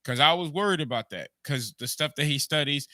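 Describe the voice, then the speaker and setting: A man's voice: on the high side, brisk, bright, forceful tone, no echo. A man with a Jamaican accent hosting a livestream, rambling through ideas, repeating words and answering his chat. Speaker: podcast host. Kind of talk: casual livestream commentary.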